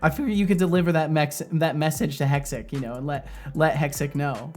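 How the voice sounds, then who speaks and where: A man's voice: fairly high pitch, fairly even intonation, brisk, a little mellow, soft background music. A man streaming as a game developer, chatting casually, rambling and laughing often as he reads chat aloud.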